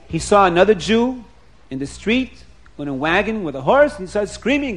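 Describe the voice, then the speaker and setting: A man telling a story in a lively, animated way, chuckling often and repeating words as he goes. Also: high-pitched, fast talker, a little hiss or hum.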